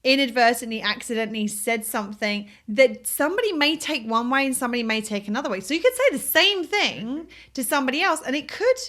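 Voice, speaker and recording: A woman with a bright, fairly high voice talks through her ideas on a podcast. She is reflective and wordy and circles back on her own sentences. Her tone stays easygoing and conversational. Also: animated, fast talker, hardly any pauses. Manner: reflective, explains at length with restarts. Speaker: podcast co-host. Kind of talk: casual conversational chat.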